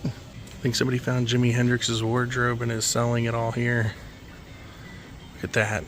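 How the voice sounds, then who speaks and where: A man's voice: mid-range voice, normal speed, pauses often, a little hiss or hum. Man casually browsing an antique mall. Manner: relaxed, offhand remarks with chuckles. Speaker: vlogger. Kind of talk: casual walkthrough commentary.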